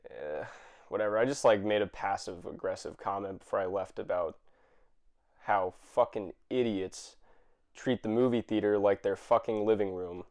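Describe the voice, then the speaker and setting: A man ranting to camera, exasperated and swearing, with many fillers and restarts and sudden bursts of shouting. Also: lowish voice. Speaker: vlogger. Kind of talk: angry rant to camera.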